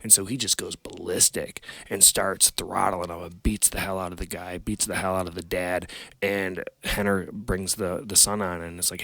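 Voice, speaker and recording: A low-voiced American man chats as a podcast guest, telling stories with lively animation. His voice leaps higher and louder when he acts out what he said, and the sound is dry and close. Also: moderate pace, gravelly, no room sound, low-quality recording. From United States. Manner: animated, voice jumps up when quoting himself. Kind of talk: casual storytelling.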